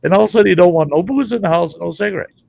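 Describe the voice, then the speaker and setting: An older man hosting a podcast, telling a crude, animated campfire story. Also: high-pitched, rapid-fire, creaky, no room sound, rough recording. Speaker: podcast host.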